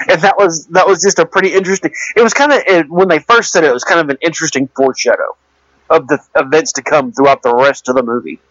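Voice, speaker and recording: A man's voice: fairly high pitch, quick pace, a bit bright, no echo. A man casually talking about a movie, rambling and hesitant, with many restarts and fillers. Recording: dull lo-fi dry recording.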